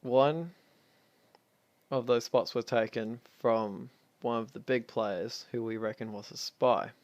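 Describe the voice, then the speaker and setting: A man's voice: medium pitch, steady tone, slow pace, dry recording. A man casually recounting a gaming clan's history in a rambling, offhand way, chuckling now and then. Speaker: clan founder recounting history. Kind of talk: casual spoken storytelling.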